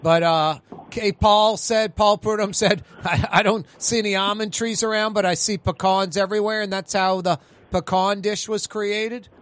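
A man's voice: sits high, steady tone, normal speed, fairly bright tone. A man, hosting a casual radio interview in a chatty, agreeable way. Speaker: radio host.

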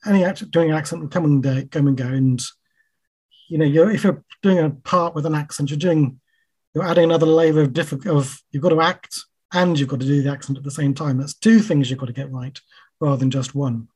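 Writer guest, male, slightly raised husky voice, hesitant and self-effacing. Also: a little high, fairly even intonation, darkish tone. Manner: halting, frequent fillers and restarts; self-deprecating. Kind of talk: casual interview talk.

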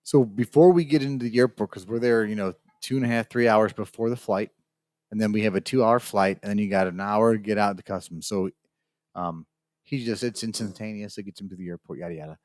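A man's voice: on the low side, a little fast, darkish tone, dry recording. A man co-hosting a casual podcast chat, telling a rambling anecdote and acting out the people in it. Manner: rambling storyteller, acts out the people in his story. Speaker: podcast co-host. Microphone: studio mic.

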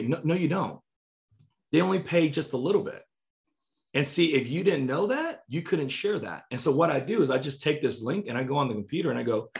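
Speaking briskly in a gravelly, mid-range voice with lively intonation, a man trains insurance agents in a relaxed online session for a live audience. He acts out calls with clients and keeps checking in with "right?" and "you know".

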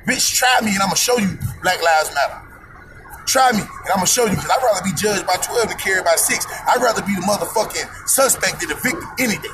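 A man's voice: high voice, lively intonation, fast, over music, low-quality recording. A man ranting in a heated, profane monologue, hammering points with repetition and rhetorical questions. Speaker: podcast host. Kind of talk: personal opinion monologue.

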